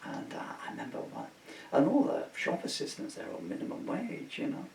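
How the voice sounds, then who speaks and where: A man's voice: low voice, wildly swooping pitch, fairly quick, gravelly, darkish tone. A man from the UK, a singer-songwriter, rambling in a casual joking monologue at home. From United Kingdom. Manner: joking, chuckling, digressive. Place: home room. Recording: roomy, distant mic, faint hiss.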